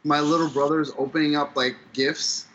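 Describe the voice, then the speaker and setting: A man's voice: on the high side, little pitch movement, normal speed, a bit bright, slightly rough. A man co-hosting a casual podcast, telling a story in a loose, rambling way. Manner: loose, rambling, full of fillers. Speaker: podcast co-host. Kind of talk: casual chat. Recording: dull lo-fi audio with faint room ambience.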